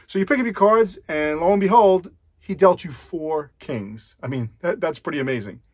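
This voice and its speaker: A man's voice: on the high side, animated, moderate pace, no echo, studio quality. A man who is a magician, explaining a card scam to the viewer step by step in a conversational way. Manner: conversational, addresses the viewer directly. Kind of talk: explanatory talk to camera.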